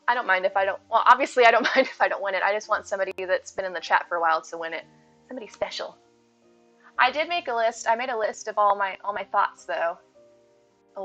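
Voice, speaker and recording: A woman's voice: medium pitch, quick pace, sharp tone. A woman game streamer chatting casually with her live viewers, laughing often, on slightly dull audio with faint music.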